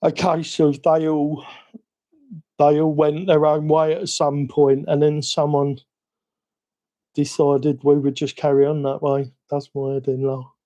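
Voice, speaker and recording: Chatty Cockney man, mellow voice. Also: fairly high pitch, level tone, a little slow. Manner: chatty, self-mocking, rambling. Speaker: hobby livestream host. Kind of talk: casual live-stream chat while working.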